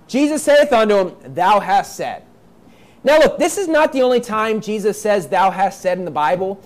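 Male preacher, very high voice, reads verses then drives points home emphatically. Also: animated, moderate pace. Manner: reads scripture aloud then explains it in plain talk; emphatic, repeats points, acts out quoted voices. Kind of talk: sermon.

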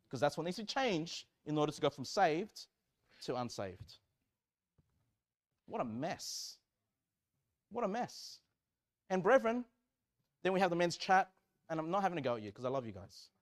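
Aussie preacher guy, high voice that jumps all over, gets loud then drops quiet. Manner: emphatic, swings from loud fervor to quiet asides. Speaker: pastor. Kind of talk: sermon.

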